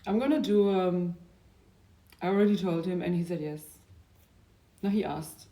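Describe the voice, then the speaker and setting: A young adult woman talking in a casual, rambling video diary. Her loudness drifts from sudden bursts down to near-whispers. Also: fairly low pitch, moderate pace. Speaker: diary vlogger.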